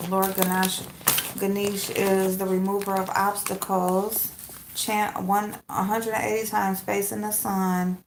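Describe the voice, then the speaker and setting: Slow, chatty woman in an echoey room. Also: mid-range voice, level tone, vocal fry. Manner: chatty, greets viewers by name, laughs often. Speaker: livestream host. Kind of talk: casual live-stream chat. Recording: echoey room with background noise.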